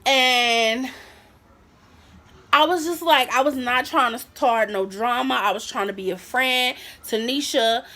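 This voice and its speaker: A young woman telling a casual storytime on her vlog, with a high, bright voice. She is animated and slips into the voices of the people she quotes. Her tone is lively and personal. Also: a little slow. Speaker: vlogger.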